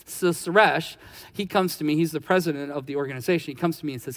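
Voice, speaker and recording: A man's voice: a little high, fast, fairly bright tone. A man preaching a sermon in a conversational, storytelling way. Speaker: pastor. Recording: long hall reverb.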